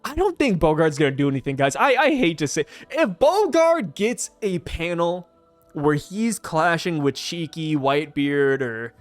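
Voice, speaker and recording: A man casually reviewing a comic chapter, chatty and excitable, with many fillers and acted-out quotes. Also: fairly high pitch, normal speed, no echo, soft background music. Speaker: manga reviewer. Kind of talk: casual commentary.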